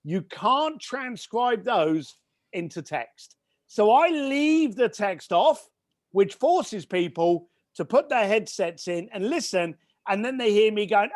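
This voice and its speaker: Brief: British male guest, middle-aged, bursting with enthusiasm, high and sing-song delivery. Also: animated, slow, dry recording, studio quality. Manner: enthusiastic, emphatic, quirky. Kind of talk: conversational business advice.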